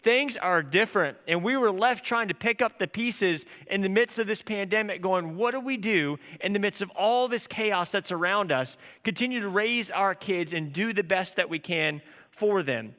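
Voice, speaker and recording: A man in his thirties preaches with a high, bright voice. He tells stories in a lively, conversational way, and his voice rings with the long reverb of a large hall. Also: normal speed. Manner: storytelling, animated and conversational. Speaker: pastor. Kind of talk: sermon.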